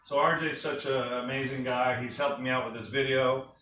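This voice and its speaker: A man's voice: medium pitch, steady tone, moderate pace, a bit bright. A man giving an enthusiastic sales presentation to a small group, asking the room questions as he goes. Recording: echoey room from a distant mic with faint noise.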